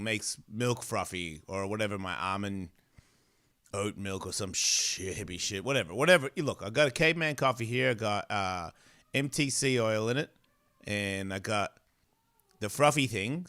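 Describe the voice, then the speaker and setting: A medium-pitched man with a sharp edge to his voice hosts a podcast, chatting casually. He rambles, swears, and gets distracted, often losing track of what he was saying.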